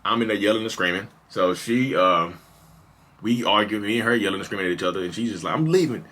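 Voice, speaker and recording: A man's voice: low-pitched, quick pace, bright, forceful tone. A man in his thirties telling his own story on a podcast in a casual, confessional way, with lots of "you know" fillers. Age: 30s. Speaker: podcast host. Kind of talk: candid personal storytelling.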